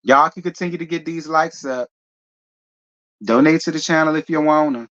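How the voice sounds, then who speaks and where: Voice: mid-range voice, normal speed, a bit bright, muffled recording. A livestream host chatting casually with viewers, sassy and playful, thanking donors by name and blowing kisses.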